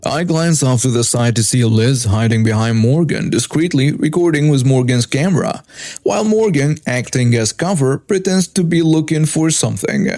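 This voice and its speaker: A man narrating a first-person story with wry, animated asides. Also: mid-range voice, normal speed, dry recording, clean studio sound, faint music behind.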